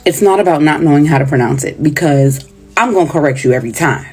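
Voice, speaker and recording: A woman's voice: low voice, fairly quick, a little mellow, husky, soft background music. A woman in her thirties speaking firmly and emphatically in a reaction video. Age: 30s. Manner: firm, emphatic.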